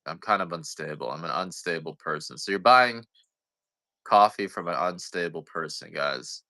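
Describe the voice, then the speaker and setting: Deep, forceful man rambling on a livestream. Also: moderate pace, no room sound. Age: adult parent. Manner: rambling, self-deprecating, joking. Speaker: livestream coffee seller. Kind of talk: casual livestream chat.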